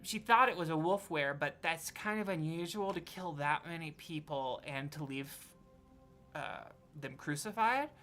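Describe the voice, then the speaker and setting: Low-voiced woman game master. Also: expressive, measured pace, a bit bright, faint music behind. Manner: rambling, self-correcting. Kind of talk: narrating a tabletop game.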